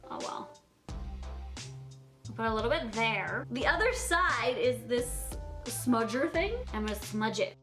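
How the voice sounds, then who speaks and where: A woman's voice: a little high, expressive, slow, long pauses, fairly bright tone, faint music behind. A young woman filming a casual makeup tutorial, bubbly and gushing, often giggling. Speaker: beauty vlogger.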